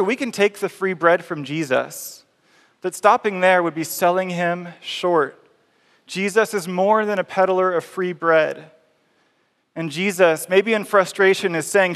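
Conversational preacher in a reverberant hall. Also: male voice, sits high, measured pace, a bit bright. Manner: conversational storytelling, acts out scenes. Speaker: pastor. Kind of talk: sermon.

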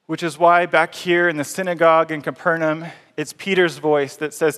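A man preaches in an easy, conversational storytelling style, acting out the scenes as he goes. His voice sits a bit higher than most men's, and long reverb from a large church hall follows each phrase. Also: flat delivery, normal speed, hardly any pauses, fairly bright tone, clear, resonant tone. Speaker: pastor. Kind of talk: sermon.

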